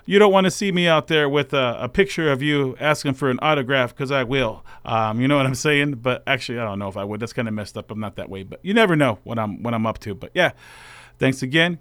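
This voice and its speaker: A man's voice: fairly high pitch, fairly bright tone, smooth, dry recording. A man hosting a house music radio show, talking in a loose, rambling way full of slang and fillers. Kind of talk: casual radio show talk.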